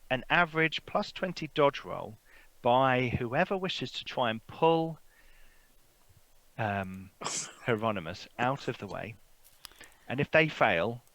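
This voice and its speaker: A man's voice: medium pitch, a bit bright, no echo, low-quality recording. A man narrating as game master, loose and chatty, with many fillers and laughs. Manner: loose, chuckling, full of fillers.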